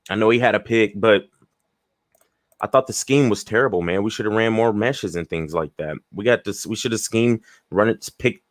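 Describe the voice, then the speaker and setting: A man with a lowish voice talks sports in a relaxed, slangy way, easing his points along in casual terms. He is recorded dry and close, with no room sound. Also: dry recording. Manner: laid-back, slangy, agreeable. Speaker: sports podcast co-host.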